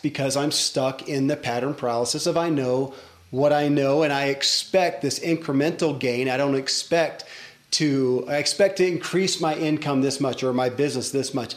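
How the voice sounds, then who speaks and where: A middle-aged man hosting a podcast who reflects and thinks aloud. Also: mid-range voice. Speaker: podcast host. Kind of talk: podcast interview chat.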